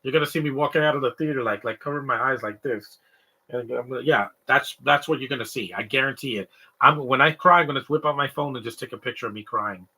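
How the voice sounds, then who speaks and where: A young adult man from Canada, co-hosting a live stream in rambling, animated comedic chat. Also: medium pitch, fast talker, breathy edge. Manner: rambling, animated, mimics stutters and sobbing noises.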